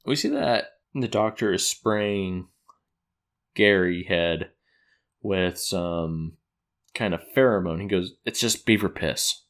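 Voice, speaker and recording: Man with a fairly low voice, loose rambling recap style, trips over and fixes his own phrasing. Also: slow pace, pauses often. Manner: rambling, self-correcting, chuckles at own retelling. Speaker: episode recapper. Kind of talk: casual plot recap.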